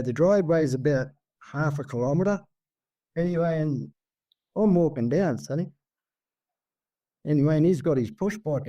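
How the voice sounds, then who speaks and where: An Australian man telling a story in a rambling, lively way, full of asides. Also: mid-range voice, no room sound. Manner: rambling, animated, full of asides like "see?" and "mate". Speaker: guest storyteller. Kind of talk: casual storytelling.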